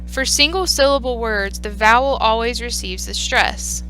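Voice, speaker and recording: A woman giving a scripted lesson on teaching reading, speaking clearly and in a measured way, slowing down on example words. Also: on the high side, pushed and bright, soft background music, poor audio. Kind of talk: scripted instructional narration.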